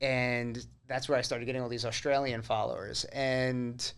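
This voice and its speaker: A man hosting a casual radio talk show, animated and cursing freely. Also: medium pitch, moderate pace, clean tone. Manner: animated, swears freely, jokey put-on voices. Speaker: host. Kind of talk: casual podcast chat. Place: radio studio.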